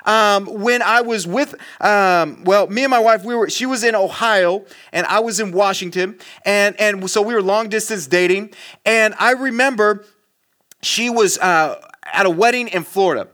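A pastor preaching to his congregation in a high, bright male voice. He tells a story on himself in an animated way, with self-mocking asides. He drops suddenly into a hush for effect. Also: normal speed. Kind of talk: sermon.

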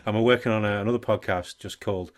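A man's voice: on the low side, fairly even intonation, fast. A man with an Australian accent co-hosting a podcast, bantering playfully. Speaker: podcast co-host. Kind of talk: casual podcast chat.

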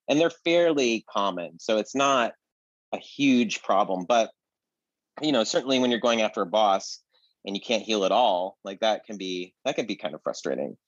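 A man's voice: on the low side, no echo, dull audio. A man co-hosting a casual chat about video games, rambling with many fillers and restarts. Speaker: podcast co-host. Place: apartment.

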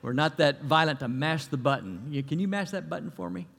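A man's voice: a little high, sing-song, brisk, vocal fry, a bit bright, in a large hall. A man, a pastor praying and then telling stories in a folksy, conversational way, with frequent restarts. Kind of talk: sermon with prayer and storytelling. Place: church.

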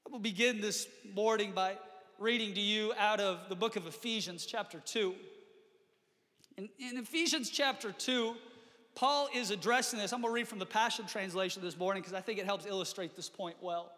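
Bright-voiced male pastor preaching. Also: sits high, normal speed, big-room sound. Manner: earnest, repeats words when restarting. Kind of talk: sermon. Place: church.

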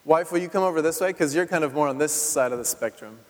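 A man in his thirties leads a sermon with an easy, conversational manner, often checking in with the congregation and laughing along. His voice sits high, and it carries into a long, ringing hall reverb. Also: fast talker. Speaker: pastor. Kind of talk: interactive sermon. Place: church sanctuary.

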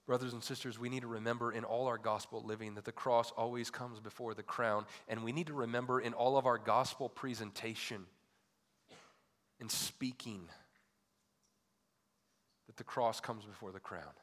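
Guy preaching a sermon, bright sharp voice, big echoey church hall, keeps asking questions and hitting loud peaks. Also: fairly even intonation, normal speed. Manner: rhetorical questions, rising to loud emphatic peaks then dropping low. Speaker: pastor. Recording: long hall reverb.

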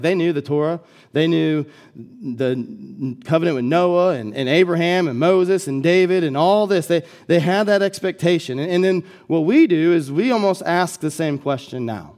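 A man's voice: a little high, normal speed, a little mellow. A young American man preaching a sermon as a guest pastor, in a casual, conversational way with lots of filler words. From United States.

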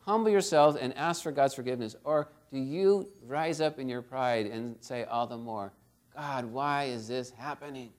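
A man's voice: mid-range voice, normal speed, hardly any pauses, a little mellow. A man preaching a sermon, retelling a story and exhorting his listeners with earnest, direct questions.

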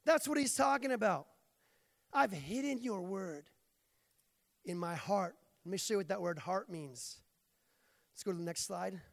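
A man's voice: high-pitched, vocal fry. Man, preacher, sermon, playful jokey delivery, long hall reverb.

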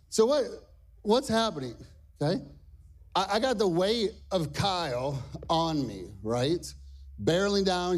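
A middle-aged man pastor preaching a lively sermon to a congregation, energetic and repeating "okay?" and "all right" often. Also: fairly high pitch. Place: church stage before a congregation.

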